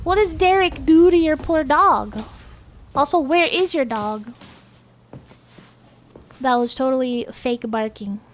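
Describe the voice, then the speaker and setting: A woman's voice: high-pitched, takes it slowly, pauses often. A young woman streamer reacting to a scary video with sarcastic, incredulous commentary. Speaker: VTuber reaction host.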